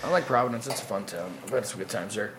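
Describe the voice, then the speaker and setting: Brief: co-host, man, lowish voice, easygoing and agreeable. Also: quick pace, over music. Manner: agreeable, echoes the host's lines. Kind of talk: casual chat.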